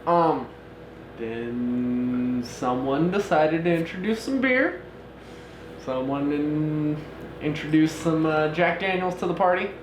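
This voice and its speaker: A married man tells a rambling story on a casual podcast, full of fillers and laughs at himself. His voice sits a little high. The room echoes, with a faint hiss underneath. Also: slow. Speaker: podcast co-host. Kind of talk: casual chat.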